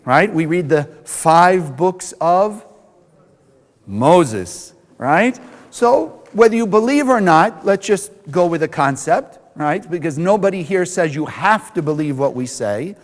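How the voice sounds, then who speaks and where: A man's voice: on the high side, animated, slow pace, long reverb tail, low-quality recording. A man teaching a spiritual lesson to a class, asking questions and answering them himself. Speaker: Kabbalah teacher.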